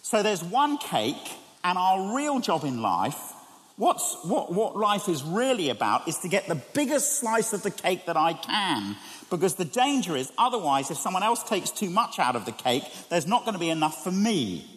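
A man preaching with a fairly high, lively voice, turning often to the listeners with questions. His words ring out with a long reverb, as in a large hall or church. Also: moderate pace. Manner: animated, conversational preaching with rhetorical questions. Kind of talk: sermon.

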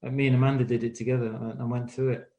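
Older English man, priest, earnest interview storyteller, mid pitch, lots of "uh" and restarts. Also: level tone, rapid-fire, mellow, lo-fi sound. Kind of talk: telling his life story in an interview.

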